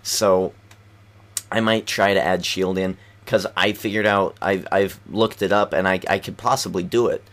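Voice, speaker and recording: A man's voice: low voice, fairly even intonation, moderate pace. A man giving casual, rambling gameplay commentary at home, keeping his voice down at night, full of fillers and restarts. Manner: kept quiet at night. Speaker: video game commentator.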